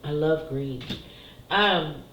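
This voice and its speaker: Drawing out her words in a low, fairly bright voice, a middle-aged woman psychic gives a casual spiritual talk to camera about family and spiritual cards. She is candid and emotional, tearful at moments and swearing freely as she does card readings. The audio is dull, echoey, and carries slight hiss or hum.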